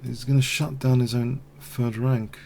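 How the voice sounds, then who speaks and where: A man thinking aloud in a halting way as he commentates his own online chess game. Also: medium pitch, level tone, creaky, background noise. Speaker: chess streamer.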